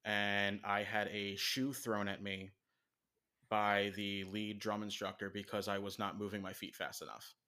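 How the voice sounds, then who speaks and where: A man guesting on a podcast, speaking in a measured, hesitant way in casual conversation. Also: fairly low pitch, level tone, bright, forceful tone. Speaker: guest, former drumline member.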